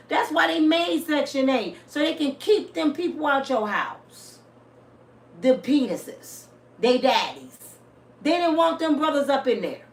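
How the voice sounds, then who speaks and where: Talking straight to her viewers, this fifty-something vlogger is blunt, salty and bursting with storytelling energy as her pitch rises and falls. The mic sits some distance from her, picking up an echoey room and a faint background hiss in this casual monologue.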